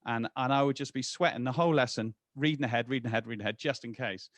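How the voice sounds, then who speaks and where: A man's voice: mid-range voice, fast talker, no room sound. A man in his forties, a guest talking in a casual interview with lots of restarts. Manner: animated, restarts often.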